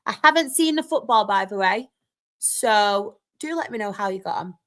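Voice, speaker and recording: A young Northern English woman hosting a live stream, chatting casually and reading out comments, excitable with quick laughs. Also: mid-range voice.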